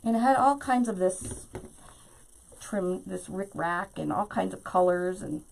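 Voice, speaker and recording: A woman's voice: medium pitch, unhurried, gravelly, a little mellow, poor audio. A woman hosting a live craft tutorial, chatting to her viewers directly and laughing often.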